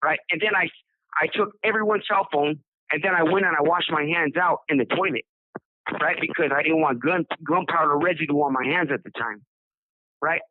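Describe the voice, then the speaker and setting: A man with a Southern California accent tells his story in a loose, rambling way, stumbling over and repeating words. His voice sits high for a man. It comes through a dry, tinny phone line. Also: fairly quick, dry recording. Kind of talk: casual storytelling.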